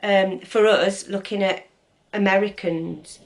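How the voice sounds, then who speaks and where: A woman's voice: medium pitch, steady tone, slow pace. A woman with an East Midlands English accent chatting casually to camera, with lots of ums and opinionated asides. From East Midlands, England. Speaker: vlogger.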